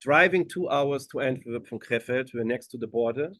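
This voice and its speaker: A man's voice: mid-range voice, a little fast, a bit bright, no room sound. A man, a rabbi telling a story at a community gathering and acting out the voices of the people in it. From Germany. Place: gathering hall.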